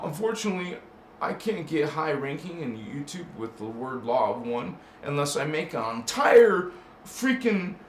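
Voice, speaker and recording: A man hosting a casual spiritual live stream, rambling and emphatic, correcting himself as he goes and chuckling between thoughts. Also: medium pitch. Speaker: livestream host. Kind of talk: casual spiritual livestream talk. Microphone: desk microphone. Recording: echoey room, faint hiss.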